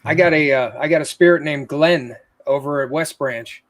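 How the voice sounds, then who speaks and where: Guy a bit high-voiced, earnest, explaining ghost recordings casually. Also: normal speed. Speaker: paranormal investigator. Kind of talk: casual chat.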